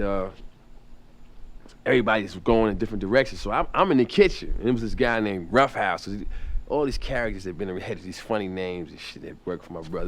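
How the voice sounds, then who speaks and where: A man telling a long story on stage, animated, with many restarts, jumping up in pitch when he mimics people. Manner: animated, repetitive restarts, jumps up in pitch for impressions. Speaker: stand-up comedian telling a story. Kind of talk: storytelling stand-up set.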